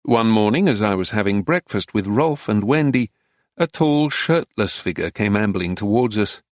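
A man reading a memoir-style audiobook in scripted narration, even and understated. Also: on the low side, normal speed, dry recording, clean studio sound.

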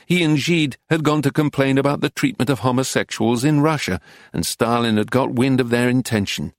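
An Englishman reading a travel memoir aloud in a measured, wry, literary manner. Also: medium pitch, dry recording, studio quality. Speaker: narrator.

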